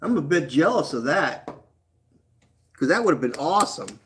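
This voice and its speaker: A man chats on a live stream in a relaxed, unhurried way, his voice riding high with lots of lively rise and fall. He laughs often and keeps things easygoing and friendly. A faint hum sits underneath. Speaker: potter hosting a live stream. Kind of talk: casual live-stream chat with viewers.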